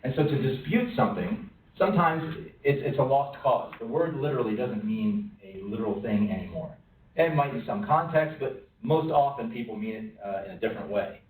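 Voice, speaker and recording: A man gives a conversational lunch-and-learn presentation in a roomy space, lively and questioning, acting out quoted voices. His mid-range voice moves a little fast and sounds phone-quality, recorded from a distance with faint room noise.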